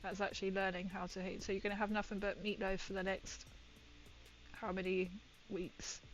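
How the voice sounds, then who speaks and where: A woman's voice: mid-range voice, flat delivery, normal speed, faint music behind, low-quality recording. A woman painting miniatures and chatting with viewers in a rambling, giggly way. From Britain. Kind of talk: casual chat while painting.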